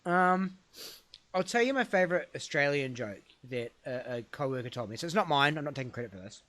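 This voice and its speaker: A man co-hosting a casual comedy podcast, rambling and self-deprecating, often trailing off into quiet mumbles. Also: on the high side, animated, brisk, no echo. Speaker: podcast co-host.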